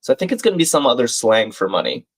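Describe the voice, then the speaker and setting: A man hosts a live crossword stream and chats casually. He thinks out loud, reads clues and viewers' names, and tosses friendly asides to his chat. His voice sits at an everyday middle pitch. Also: sing-song, fast. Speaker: livestream host.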